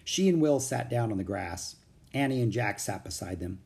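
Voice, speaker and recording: Man, audiobook narrator, children's story, lively intonation, mellow dark tone. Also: fairly low pitch, normal speed. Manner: expressive, does all the voices.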